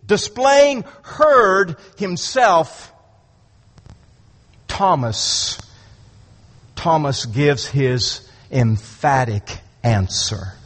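A man's voice: lively intonation, drawn-out words, long pauses, fairly bright tone, in a large hall. A man preaching an expository sermon, emphatic and dramatic, often repeating a word before a phrase gets going. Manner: emphatic, repeats words when starting phrases; dramatic swings of pitch and volume.

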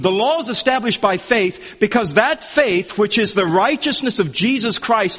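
Preacher, male, higher voice, lively delivery, long church-hall echo. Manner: animated, emphatic, rising to near-shouts for questions. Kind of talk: expository sermon. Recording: reverberant hall.

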